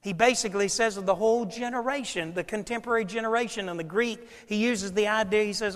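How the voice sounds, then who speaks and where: A male pastor preaching a sermon, swinging between loud emphatic lines and hushed, quiet asides. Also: high voice, quick pace, hardly any pauses. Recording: long hall reverb.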